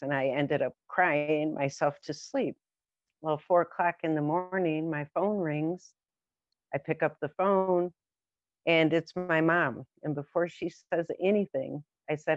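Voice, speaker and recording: A woman's voice: deep voice, fairly even intonation, measured pace, no room sound. A woman guest speaker sharing personal stories in an earnest, conversational way, with many fillers. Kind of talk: personal storytelling. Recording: dry, dull lo-fi sound.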